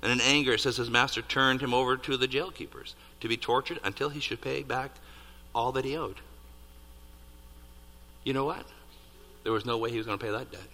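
A man preaching a sermon, building to loud peaks on key points and dropping to hushed asides. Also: medium pitch, fairly quick, pauses often. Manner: animated, rising to near-shouts on emphasis, dropping to hushed asides. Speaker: pastor. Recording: reverberant hall.

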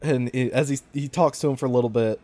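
A man's voice: mid-range voice, fairly even intonation, quick pace, dark tone, no echo. A man casually narrating a video game scene step by step to a friend.

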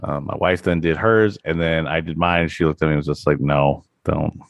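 Male co-host, very low voice, laid-back self-mocking chatter, dry mic. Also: fairly even intonation, gravelly, dry recording, lo-fi sound. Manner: easygoing, self-deprecating, drawn-out storytelling. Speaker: podcast co-host. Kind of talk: casual podcast chat.

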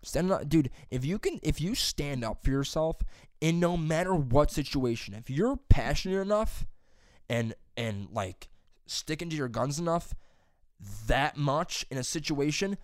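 A young man telling a rambling high school story on a podcast, swearing freely and saying "dude" and "like" constantly. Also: animated, a little slow, no room sound, studio quality. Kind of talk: casual storytelling chat.

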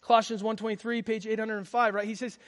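High-voiced earnest male preacher. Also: little pitch movement, fast talker. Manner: earnest storytelling preacher, fervent. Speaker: pastor. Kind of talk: sermon.

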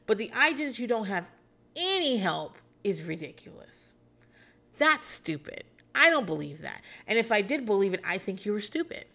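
A woman's voice: medium pitch, very animated, moderate pace, bright, forceful tone. A woman in her thirties hosting a casual podcast, chatty and sarcastic, swearing freely and laughing often. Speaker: podcast host recapping a reality show. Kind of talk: casual chat.

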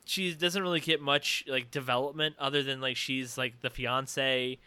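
Bright-voiced chatty man recapping a movie. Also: medium pitch, steady tone, normal speed, smooth, no room sound. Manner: chatty, many fillers like "like", retells scenes. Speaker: podcast co-host. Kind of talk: casual movie review chat.

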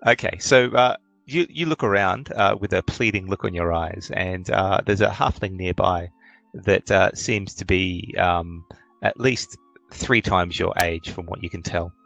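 Man, game master, low gravelly voice, hesitant narration. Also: unhurried, a bit bright, no room sound, soft background music, low-quality recording. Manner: hesitant, many fillers.

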